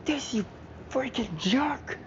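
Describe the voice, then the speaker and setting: A woman's voice: high voice, slow, pitched above the performer's own voice. A woman doing a brave teen boy hero. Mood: angry. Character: brave teenage boy hero, quick to defend others. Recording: muffled lo-fi mic, steady background noise.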